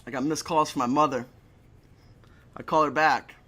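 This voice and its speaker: Young man, casual story, laughs often, rather high, bright tone. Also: steady tone, moderate pace. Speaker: podcast guest.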